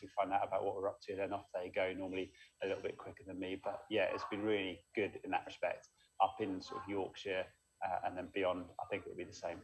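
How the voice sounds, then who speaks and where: Low voiced guy rattling on quick n chatty, phone call interview. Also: breathy edge. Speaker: long-distance cyclist. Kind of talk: casual remote interview.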